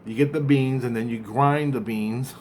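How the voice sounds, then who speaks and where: A man casually retelling a dream, rambling and acting out both sides of the conversation, often halting and repeating words. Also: medium pitch, fairly even intonation, darkish tone, a little hiss or hum.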